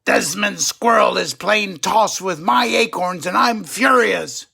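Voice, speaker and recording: A man's voice: high voice, takes it slowly, gravelly, sharp tone, breathy edge, voice pushed up, heavily acted. An older man voicing a hot-tempered, indignant squirrel in a storybook read-aloud. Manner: grumpy, indignant.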